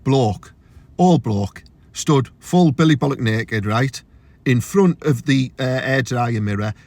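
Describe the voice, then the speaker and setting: A young man with a Teesside accent delivering a crude, swearing comic rant to camera, his voice jumping high when he gets outraged. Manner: crude, ranting, swears freely, big pitch jumps when outraged. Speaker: comedian.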